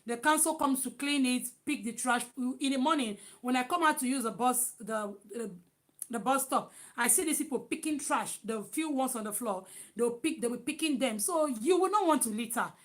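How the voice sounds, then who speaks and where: A young Nigerian woman talks straight to her viewers in a loud, emphatic voice that sits a touch high. She speaks in quick bursts, circling back over her words as she goes. Her Nigerian accent colours every line. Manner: animated, loud and emphatic, with many restarts. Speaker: vlogger. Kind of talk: casual vlog chat.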